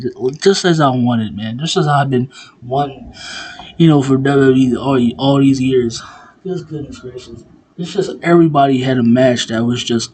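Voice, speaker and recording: A man giving a casual wrestling recap, animated, laughing often and swearing, with lots of fillers. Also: mid-range voice, husky, poor audio. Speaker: wrestling commentator vlogger.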